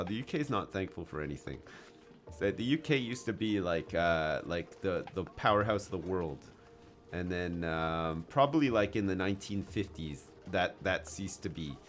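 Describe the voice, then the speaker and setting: Man, low voice, very lively pitch, joking game stream chatter, faint music behind. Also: moderate pace. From Canada. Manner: casual, joking, chatting with viewers. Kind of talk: live gameplay commentary.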